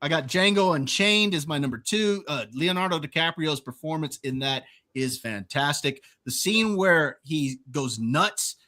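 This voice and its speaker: A man co-hosting a podcast in casual chat, animated and laughing often as he retells movie scenes. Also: fairly high pitch, measured pace, few pauses. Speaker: podcast co-host.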